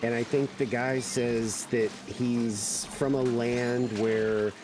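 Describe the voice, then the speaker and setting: A man's voice: medium pitch, little pitch movement, slow, noisy background. A man streaming a game, chatting casually and rambling through stories with lots of fillers. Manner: rambling storyteller with many fillers. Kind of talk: casual chat while gaming.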